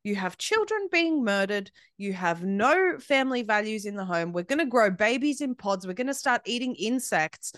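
A woman's voice: medium pitch, very animated, normal speed, hardly any pauses, fairly bright tone, no room sound, studio quality. A woman from Australia, a podcast guest who talks emphatically and scornfully, often restarting her sentences. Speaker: guest, media founder. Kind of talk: podcast conversation.

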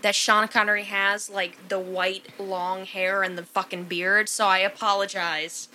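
Bright-voiced woman, swearing comedy podcaster. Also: medium pitch, flat delivery, a little slow, a little hiss or hum. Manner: profane, laughs a lot, rambling. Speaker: podcast co-host retelling a film. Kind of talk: casual comedic chat.

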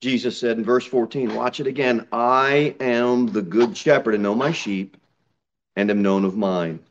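A male pastor delivers a sermon in a church, reading scripture slowly and deliberately. His mid-range voice climbs to loud, high peaks when he drives a point home. The recording sounds a little muffled and lo-fi. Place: church sanctuary. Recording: slightly dull church recording.

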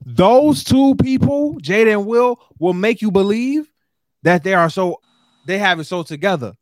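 A man co-hosting a podcast in casual chat, ranting with animated, profane emphasis. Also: high voice, measured pace, dry recording, clean studio sound. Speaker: podcast co-host.

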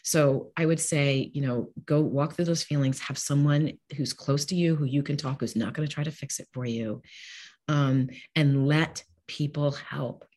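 A woman's voice: deep voice, fairly even intonation, moderate pace, darkish tone. A middle-aged woman speaking as an interview guest, talking candidly and emotionally about caring for her husband, often rambling and restarting. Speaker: guest, caregiver widow.

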